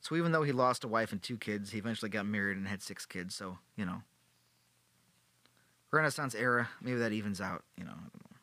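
A man with a lowish, sharp voice talks briskly, with no echo. Hosting a podcast, he recounts history in a relaxed, playful manner with sarcastic joking asides.

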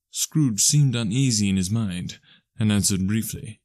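A man narrating a classic storybook in a measured, even reading. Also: lowish voice, dry recording, clean studio sound. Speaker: audiobook narrator.

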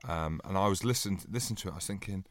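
A man's voice: low voice, rapid-fire, no echo. A man, a rugby player chatting on a podcast panel and telling stories against himself. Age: 30s. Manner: self-mocking, animated storyteller. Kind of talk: casual podcast chat.

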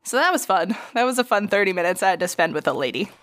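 A young woman co-hosting a podcast, telling workplace stories in a casual, animated way and acting out quotes. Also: medium pitch, fast. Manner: animated, acts out quotes, laughs often. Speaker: podcast co-host. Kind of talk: casual storytelling chat.

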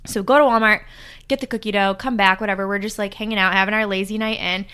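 A woman's voice: medium pitch, steady tone, quick pace, pushed and bright, clean tone. A young woman podcast host telling a college story in a chatty, casual way, full of "like" and "you know".

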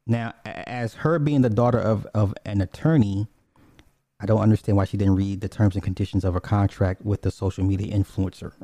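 A man's voice: on the low side, dark tone, dry recording. A man casually retelling a TV episode, rambling and profane, with many restarts and asides.

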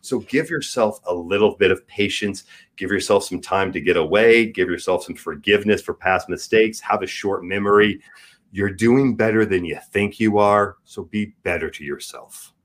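A man in his forties speaking as a guest, frank and earnest, his delivery swinging between soft and emphatic. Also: fairly low pitch, normal speed. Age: 40s. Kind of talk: candid podcast conversation.

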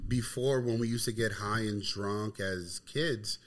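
A man's voice: lowish voice, unhurried. A man co-hosting a podcast, telling laid-back stories and swearing freely in casual chat. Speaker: podcast co-host.

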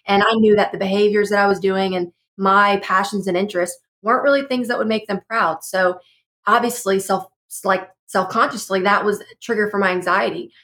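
A woman's voice: mid-range voice, fairly even intonation, fairly quick, fairly bright tone. A young woman guest on a panel, earnestly reflecting on her own teenage experience. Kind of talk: personal testimony in a panel discussion.

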